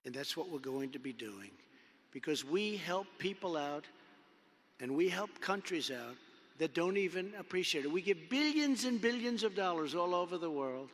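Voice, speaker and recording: A man's voice: fairly high pitch, expressive, normal speed, a bit bright. A man in his seventies giving an off-the-cuff convention speech from a podium, rambling and repetitive, leaning on emphatic superlatives. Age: 70s. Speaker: public speaker addressing a convention. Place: large indoor convention arena. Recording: long reverb of a big arena.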